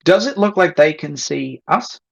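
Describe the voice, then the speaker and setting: A man playing a tabletop game, hesitant with many pauses. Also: on the high side, expressive, creaky, slightly rough. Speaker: player. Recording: slightly muffled mic.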